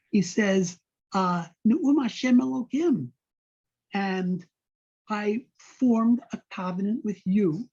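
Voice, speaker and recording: A man leads a text-study class. He reads a Hebrew phrase, then translates it in a slow, mellow, husky voice. The recording is dull and lo-fi. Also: high-pitched. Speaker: Torah study teacher.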